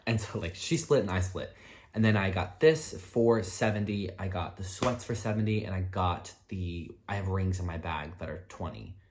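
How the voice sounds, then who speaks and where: Chatty young man with filler-heavy rambling. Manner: rambling, many "like" fillers, jumps up in pitch when excited. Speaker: vlogger. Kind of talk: casual storytime chat.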